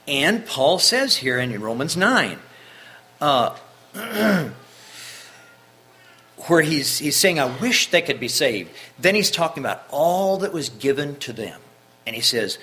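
A man preaching a Bible-teaching sermon, reading scripture aloud between stops to clear his throat and restart his sentences. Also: mid-range voice, pushed and bright.

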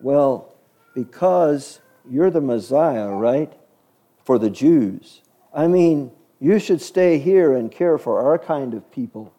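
A man's voice: mid-range voice, expressive, takes it slowly, mellow. A man voicing a reluctant, embarrassed male disciple who hesitates and sputters as he makes excuses.

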